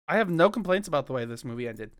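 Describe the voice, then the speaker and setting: A man's voice: on the high side, lively intonation, rapid-fire, clean tone. A man co-hosting a podcast over a voice call, joking around and laughing often. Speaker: podcast co-host. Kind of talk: casual chat. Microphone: remote call over voice chat.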